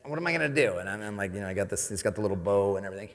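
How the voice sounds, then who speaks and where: A man's voice: fairly low pitch, animated, very fast. A man from New York giving a comedic motivational keynote on stage, chatty and jokey, often asking the audience "right?". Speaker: motivational speaker. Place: event stage in a large hall. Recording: long reverb of a large hall.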